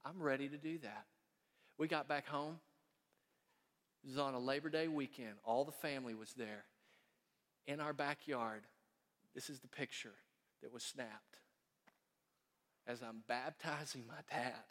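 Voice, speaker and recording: A man preaching a sermon as pastor in a church sanctuary, folksy and storytelling, growing quiet and earnest. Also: mid-range voice, unhurried, long pauses. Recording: long reverb of a church hall.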